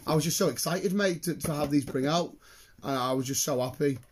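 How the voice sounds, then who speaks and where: A man, hosting a casual chat, excitable and sweary, breaking into laughter. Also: fairly high pitch, fairly quick, a little hiss or hum.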